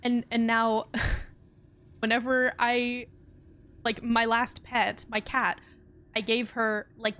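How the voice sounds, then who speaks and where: A woman's voice: on the high side, level tone, takes it slowly, pauses often, a bit bright. Chatty young woman streaming a game. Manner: rambling, chatty, laughs often. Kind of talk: casual let's-play chat.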